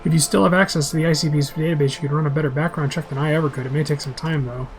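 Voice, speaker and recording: A man's voice: fairly high pitch, steady tone, racing, faint music behind, natural voice, poor audio. A guarded, composed woman negotiator, read by a man. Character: composed, well-informed middle-aged woman negotiator.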